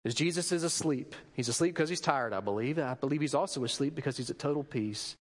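A man's voice: medium pitch, fast talker, in a large hall. A man preaching a sermon in a conversational way, asking rhetorical questions and adding joking asides. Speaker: pastor.

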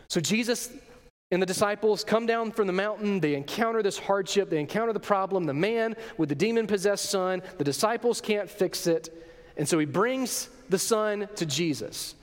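A man delivers a sermon in a notably high voice, full of rhetorical questions and emphatic repetition. His delivery swings between raised, urgent lines and low, quiet drops. The sound carries a long reverb, as from a church sanctuary. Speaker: pastor.

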